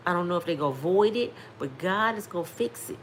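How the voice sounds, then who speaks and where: Woman, 50s, low-pitched, emphatic storyteller, slight background hiss. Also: lively intonation, a little fast. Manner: emphatic, preacher-like, addresses viewers directly. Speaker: vlogger sharing testimony. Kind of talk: casual storytelling testimony.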